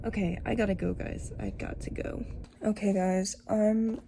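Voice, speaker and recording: Woman vlogging about a book, slow and gravelly, half whispering, faint hum behind. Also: mid-range voice. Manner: emotional, often dropping to a hushed whisper. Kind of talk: casual vlog talk to camera. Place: in a car, then at home late.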